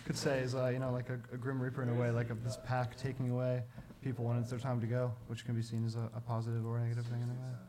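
A man co-hosts a casual music podcast, thoughtful and rambling, with plenty of fillers. He talks quickly in a flat, even tone. Other voices chatter clearly in the background. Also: medium pitch. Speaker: podcast co-host.

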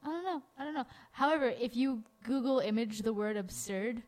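A woman's voice: a little high, a little mellow. A young woman from Georgia co-hosting a college radio show in playful, joking chat. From Georgia, USA. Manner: playful, joking, drawn-out words.

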